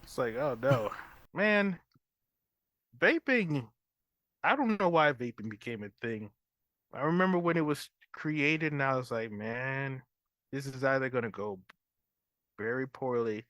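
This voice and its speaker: A man's voice: mid-range voice, animated, unhurried, long pauses, fairly bright tone. A young man co-hosting a podcast, teasing his friend in casual, amused chat. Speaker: podcast co-host.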